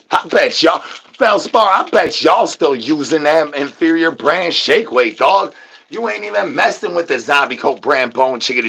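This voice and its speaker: A man with a husky, breathy edge to his voice hosts his own stream in a rambling, absurd comedy monologue. His patter is crude and slangy, looping back to playful catchphrases again and again. His pitch sits in an ordinary middle range. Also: a bit bright.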